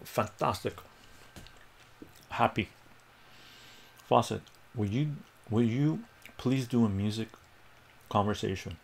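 Gravelly low-voiced man chatting casually. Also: takes it slowly, pauses often, a little hiss or hum. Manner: rambling, acts out quoted voices, chats with viewers. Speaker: livestream math tutor. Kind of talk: casual livestream storytelling and chat.

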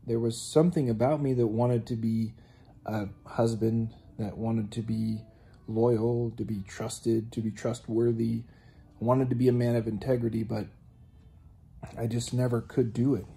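A man with a very dark, mellow voice and a husky grain, telling his faith testimony. He speaks earnestly and haltingly, often pausing on "you know". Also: mid-range voice, level tone.

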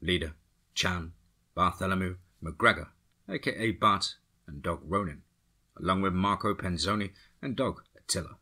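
Deep, husky male story narrator. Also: normal speed, bright, forceful tone. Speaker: horror story podcast narrator.

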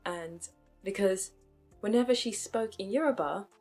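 A woman's voice: mid-range voice, measured pace, a little mellow, faint music behind. A woman, talking frankly to camera in a chatty, self-mocking way. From United Kingdom. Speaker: vlogger. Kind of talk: casual commentary to camera.

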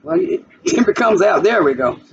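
A woman's voice: medium pitch, wildly swooping pitch, moderate pace, vocal fry. A woman hosting a casual cooking vlog in her home kitchen, chatting the viewer through each step. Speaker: cooking channel host. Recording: distant, dull, noisy home recording.

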